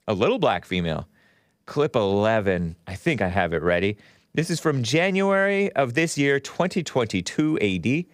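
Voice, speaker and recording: Lively, chuckling male stream host. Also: medium pitch, brisk, dry recording, studio quality. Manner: animated, jokey, chuckles often. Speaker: show host. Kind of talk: live-stream call-in talk show.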